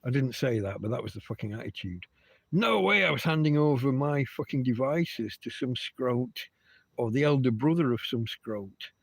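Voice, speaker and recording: A man's voice: medium pitch, animated, moderate pace, creaky, no room sound. A man hosting a casual livestream from his bed at home, rambling and swearing freely as he chats. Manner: heavy swearing, rambling asides. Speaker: livestream host.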